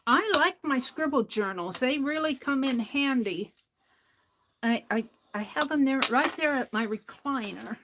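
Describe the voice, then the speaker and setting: Brief: higher-voiced woman, slow rambling craft-stream chatter, faint hiss. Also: lively intonation. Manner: chatty, rambling, talking to herself while working. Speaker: art livestreamer. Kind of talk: casual crafting livestream. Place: home craft room.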